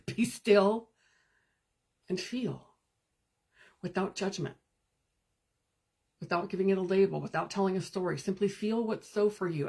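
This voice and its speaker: A woman with a gravelly, slightly husky voice, talking on a live stream as a spiritual coach. She guides slowly and gently, pausing often, and chats with viewers in between. Her pitch sits in the middle range. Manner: calm, gentle, meditative guidance with pauses. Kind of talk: live-stream talk answering viewer comments.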